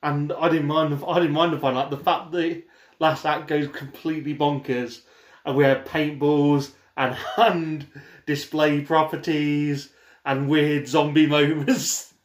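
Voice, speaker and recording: A man with a slightly raised pitch chats enthusiastically about films, laughing along as he talks. His voice rings with a roomy echo. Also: flat delivery, measured pace. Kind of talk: casual film review chat.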